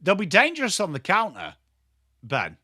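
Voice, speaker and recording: A man with a strong Yorkshire accent giving live football watchalong commentary, excitable and sweary, chatting to viewers by name. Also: high voice, moderate pace, no room sound, studio quality. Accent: Yorkshire English. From Yorkshire, England. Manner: excitable, sweary banter addressed to chat viewers. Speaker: watchalong streamer.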